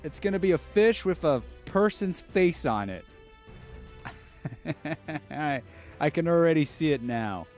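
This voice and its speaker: A man's voice: a little high, sing-song, unhurried, long pauses, darkish tone, soft background music. A man giving casual, rambling gameplay commentary as a streamer, joking and swearing freely.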